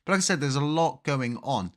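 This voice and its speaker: A man with a croaky voice from a cold, hosting his channel and ranting casually with frustration and frequent restarts. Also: mid-range voice, animated, brisk. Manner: frustrated, rambling, repeats words. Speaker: crypto channel host. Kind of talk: casual video commentary.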